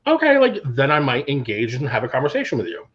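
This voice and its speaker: A man, a drag queen co-host, telling sassy, animated anecdotes in casual chat. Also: mid-range voice, quick pace, lo-fi sound.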